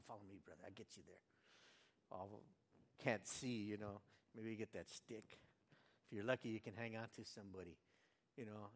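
An older man reading a Bible passage aloud, then musing on it in a folksy, conversational way, rising to loud fervent cries and dropping to quiet asides. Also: mid-range voice. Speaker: Bible reader and preacher. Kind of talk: informal devotional Bible reading and reflection. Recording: long hall reverb.

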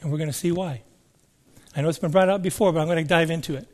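Male preacher, high pitch, emphatic, scripture reading with rhetorical questions. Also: steady tone, fast, a little mellow. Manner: emphatic, asks the listeners questions, reads scripture aloud. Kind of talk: sermon.

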